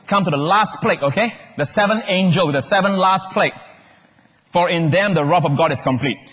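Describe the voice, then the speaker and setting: A man preaching a sermon in a large hall, animated, questioning the congregation and shouting out key words. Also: sits high, fairly quick, slightly rough. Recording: long hall reverb.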